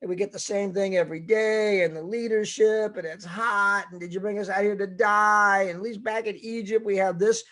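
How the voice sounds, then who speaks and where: A man's voice: high-pitched, fairly even intonation, moderate pace, few pauses, fairly bright tone, voice pushed up. A man voicing a crowd of desert wanderers who whine and moan about food, water and heat. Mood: whining. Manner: whining, moaning.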